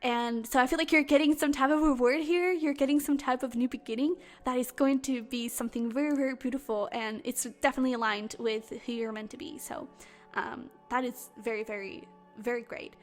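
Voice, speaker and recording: A woman doing a pick-a-card tarot reading to camera, effusive and excitable, with lots of fillers. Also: high voice, fairly quick, faint music behind. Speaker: tarot reader.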